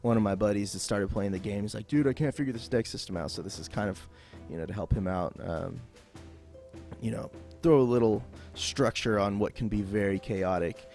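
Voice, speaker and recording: A man's voice: fairly low pitch, moderate pace, a little mellow, soft background music. A man talking through a game tutorial off the cuff, casual and rambling with lots of fillers. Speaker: gameplay tutorial host. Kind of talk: unscripted game tutorial voice-over.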